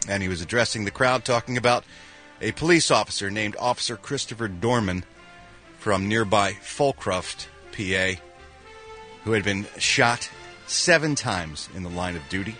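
A man from Philadelphia hosting a morning radio show, reading entertainment news in an animated, jokey way with quick voiced reactions. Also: on the low side, soft background music. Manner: animated, jokey, with quick sound-effect interjections. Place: radio studio.

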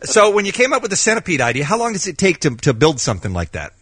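A man hosting a morning radio show, telling stories in an animated, excitable way. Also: fairly high pitch, fast talker, husky, no room sound.

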